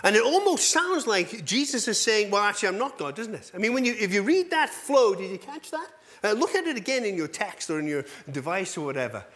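High-voiced preacher, animated sermon. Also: male voice, fairly quick. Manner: animated, self-deprecating, rhetorical questions. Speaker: pastor.

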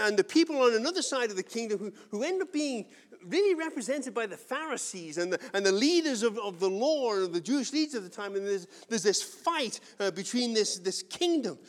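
A man's voice: very high voice, a bit bright. A man with an English accent preaching a sermon, telling a conversational, self-mocking personal story before turning to scripture. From England. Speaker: pastor. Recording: long hall reverb.

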